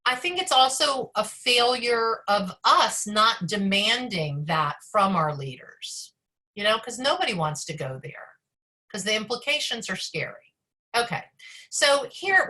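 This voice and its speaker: Woman rabbi, online class over a video call, rapid chatty delivery, clear bright tone. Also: mid-range voice. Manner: fast, chatty, many fillers and asides. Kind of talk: leading an online study session.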